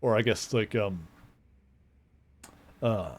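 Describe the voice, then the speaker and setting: A man streaming a video game, chatting casually and explaining things at length with lots of fillers and restarts. He sounds relaxed and conversational, talking as he plays. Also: on the low side, takes it slowly. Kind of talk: casual let's-play commentary.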